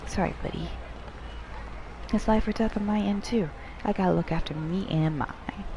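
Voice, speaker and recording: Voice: medium pitch, normal speed, noisy background, pitched above the performer's own voice, lightly acted. A gamer reading the lines of a curt, impatient male freelance writer in their own voice. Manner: brusque and snappy.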